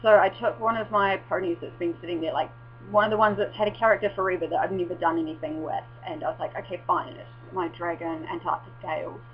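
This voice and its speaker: A young woman vlogging in casual, rambling chat, swearing and breaking into excited exclamations. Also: on the low side, fast talker. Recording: dull lo-fi with faint mains hum.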